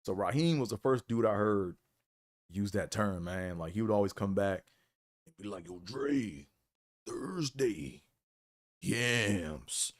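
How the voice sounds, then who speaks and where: A man's voice: lowish voice, normal speed, a little mellow. A man hosting a live stream, telling college stories in a laid-back way, full of "man" and "you know". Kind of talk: casual storytelling.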